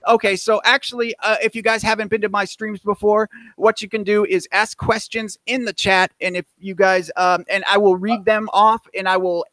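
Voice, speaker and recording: Man, high voice, dry close sound, joking livestream host, halting. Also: flat delivery, bright, forceful tone, dry recording. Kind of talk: casual livestream chat.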